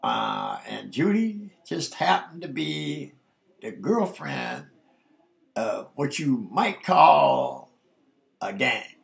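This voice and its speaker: A man's voice: medium pitch, very animated, very slow, gravelly. A man in his sixties recounting a youthful memory in a laid-back, casual way, often saying "man". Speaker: storyteller recalling his youth. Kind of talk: casual spoken memoir.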